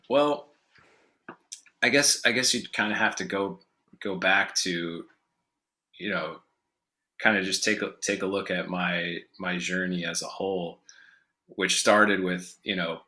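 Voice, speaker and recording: A man's voice: low voice, pushed and bright. An American man, a musician guest in an interview, answering in a loose, rambling way with many fillers and restarts. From United States.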